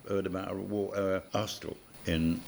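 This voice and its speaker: An older man recalling his early years as a designer in a relaxed interview, chatty and full of anecdotes. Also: low voice, moderate pace, vocal fry, a little hiss or hum. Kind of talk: reminiscing interview.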